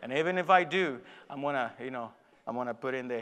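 A man's voice: medium pitch, fast talker, a bit bright, smooth, big-room sound. A man preaching a sermon, telling a personal story with acted-out dialogue and self-deprecating laughter. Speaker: pastor.

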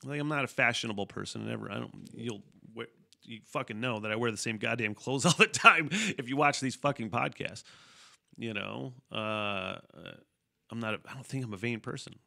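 A man's voice: mid-range voice, normal speed, gravelly, bright, forceful tone. A man hosting a casual solo podcast, rambling and swearing freely, often laughing mid-sentence. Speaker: podcast host.

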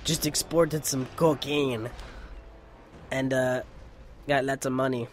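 A man voicing a crude male drug-lord villain in a slow, strained, throaty voice. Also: mid-range voice, steady tone, slight background noise, natural voice. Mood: boastful.

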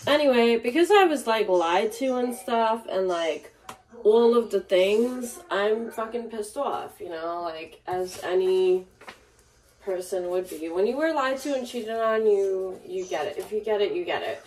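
A woman's voice: medium pitch, a little slow, darkish tone. A young woman venting in a casual home vlog, angry and swearing, with many fillers. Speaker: vlogger. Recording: audible background noise.

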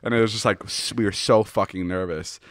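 A man hosting a podcast in a studio, telling a story in an excitable, casual way, swearing often and using lots of fillers. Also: lowish voice, a little fast, no echo. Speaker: podcast host. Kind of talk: casual chat.

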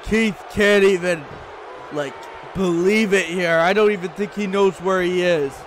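A man giving excitable play-by-play commentary over his own video game wrestling show, shouting, pleading and gasping at the action. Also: high voice, a little slow. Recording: loud game crowd noise behind. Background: video game arena crowd.

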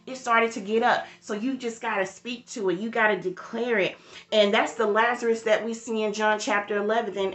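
A woman's voice: medium pitch, fairly bright tone, roomy sound. A woman leading a livestreamed morning devotional, preaching with rising emphasis and greeting viewers in the chat by name. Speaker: church devotional leader.

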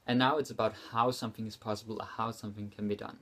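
A young language teacher with a slightly low, slightly rough voice leads a relaxed, casual lesson. He says each example phrase slowly, repeats it, then explains it.

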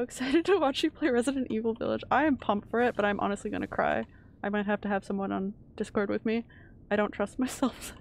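Jumpy gravelly-voiced woman streamer. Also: mid-range voice, slight background noise. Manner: jumpy, chatty, swears when startled. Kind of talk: casual live-stream gameplay chat.

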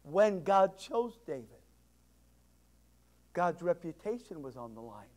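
A male pastor preaching a sermon, moving between loud, emphatic declarations and hushed, drawn-in asides to the congregation. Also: a little high, very animated, slow pace.

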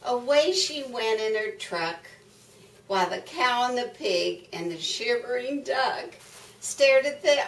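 A woman's voice: on the high side, fairly bright tone. An older woman reading a picture book aloud to young children, sing-song and full of exclamations. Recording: echoey room, mic far off.

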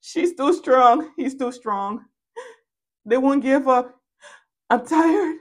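Whiny, worn-out rivals, as a woman puts them on, complaining in a high, strained voice that climbs well above her own and almost breaks into shouts. They sound exhausted and fed up. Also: takes it slowly.

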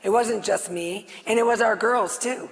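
A middle-aged woman on stage, giving a loud, passionate, excitable testimony to a live audience. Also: fairly high pitch, normal speed, vocal fry. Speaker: guest speaker sharing her healing testimony. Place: on stage before a live audience in a large hall. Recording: long reverb of a large hall.

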